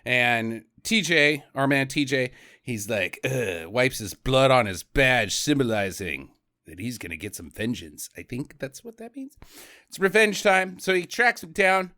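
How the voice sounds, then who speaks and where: A rambling, profane man co-hosting a comedy film review podcast. His pitch is middling but he swings it around a lot as he jokes. The sound is close and dry, with no room in it. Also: very animated, a little slow, sharp tone, no room sound. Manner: profane, rambling, jokey asides. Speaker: podcast co-host.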